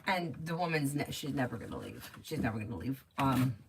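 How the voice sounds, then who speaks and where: A woman's voice: a bass voice, animated, a little fast, background noise. A middle-aged woman chatting casually at home on a livestream, laughing easily and telling stories before giving tarot readings. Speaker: tarot reader. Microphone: phone or webcam stream.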